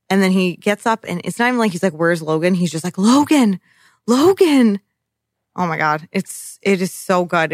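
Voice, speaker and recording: Young woman podcaster, slightly low voice, gushes and swears, dry close mic. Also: dry recording. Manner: excitable, profane, rambling. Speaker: podcast co-host. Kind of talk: casual podcast chat recapping a TV episode.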